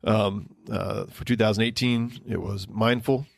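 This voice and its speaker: A man's voice: fairly low pitch, steady tone, measured pace, vocal fry, no echo, clean studio sound. A man co-hosting a podcast, chatting casually and rambling a bit with ums and restarts. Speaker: podcast co-host.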